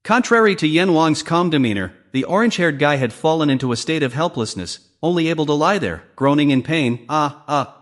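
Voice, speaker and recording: Man, story recap narrator, animated delivery, slightly high voice. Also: a little fast, hardly any pauses. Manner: lively storytelling, reading every character's lines in the same voice.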